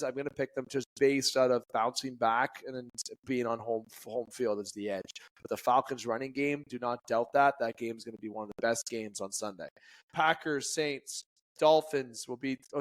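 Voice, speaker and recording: A man from Canada co-hosting a sports podcast, chatting casually and often stumbling and correcting himself mid-sentence. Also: mid-range voice. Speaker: podcast co-host.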